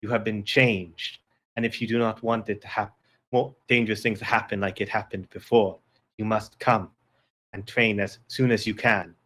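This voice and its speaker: A man's voice: on the low side, level tone, normal speed, a bit bright, pitched below the performer's own voice. A man voicing a grave disembodied female voice. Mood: solemn warning. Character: mysterious disembodied female voice giving a solemn warning.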